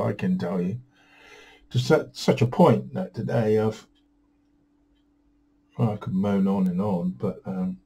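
A weary man talks to his camera at home, his voice low, dark and a little husky. He grumbles and mocks himself in a rambling, tired way. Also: rough recording. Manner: weary, self-deprecating, grumbling. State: tired, yawning. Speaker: vlogger. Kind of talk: rambling solo vlog.

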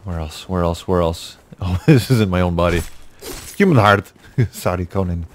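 Man, low voice, gameplay commentary, self-talk, frustrated jokes, faint background hiss. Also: normal speed. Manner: talks to himself, jokey, exasperated outbursts. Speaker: gaming YouTuber.

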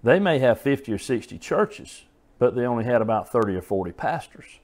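A man's voice: mid-range voice, expressive, a little fast. A man preaching a sermon, earnest and folksy, telling stories and often restarting his phrases.

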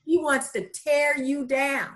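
Woman, group discussion, earnest, encouraging, fairly high pitch. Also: steady tone, slow.

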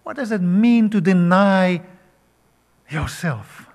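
Brief: older male preacher, slow deliberate delivery, slightly high voice, asks pointed questions. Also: lively intonation, darkish tone. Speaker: pastor. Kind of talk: sermon.

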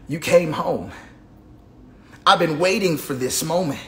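A man sharing a personal testimony in a preaching cadence, repeating phrases and building from hushed to fervent with sudden whoops. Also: fairly high pitch, slow pace, pauses often. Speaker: gospel singer giving a testimony.

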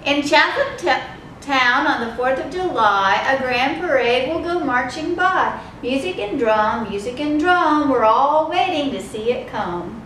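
High-voiced woman reading to young children. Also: slight background noise. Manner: slow, sing-song, expressive. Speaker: children's librarian. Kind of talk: children's storytime read-aloud. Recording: echoey room, mic far off.

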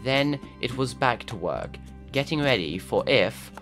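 A man narrates a survival-game story in a wry, scripted style, his pitch rising and falling a lot. Faint music runs behind him. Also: very animated, a little slow, a bit bright.

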